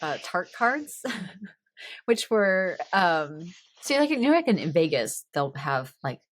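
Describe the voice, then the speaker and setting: A woman's voice: lowish voice, very animated, slow, no room sound. Giggly woman hosting a chat. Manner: giggly, laughs often between sentences. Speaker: podcast host. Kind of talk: casual chat.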